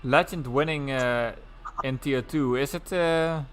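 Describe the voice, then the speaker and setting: A man's voice: mid-range voice, slow pace, clean tone. A man giving casual, chatty live commentary on an online sim-racing league race. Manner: casual, chatty, breaks into laughs.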